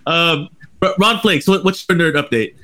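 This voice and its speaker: A man hosting a casual podcast chat, rambling and animated with many restarts. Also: fairly high pitch, unhurried, faint music behind. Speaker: podcast host.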